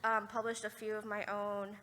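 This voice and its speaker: A woman in the audience of a convention panel asks a voice actor a question, chatty and quick to giggle. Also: mid-range voice, monotone, bright, forceful tone, slight background noise. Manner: giggly, chatty, breaks into laughs. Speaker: fan asking a question. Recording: reverberant convention hall.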